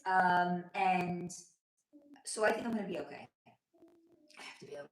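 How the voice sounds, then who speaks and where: Speaking a little slowly in a lowish voice, a woman streams casually from a room at home, reading viewers' comments aloud and chatting with affection while her sore throat steals her voice. She lives in Los Angeles and is a spiritual reader; the audio is poor and reverberant.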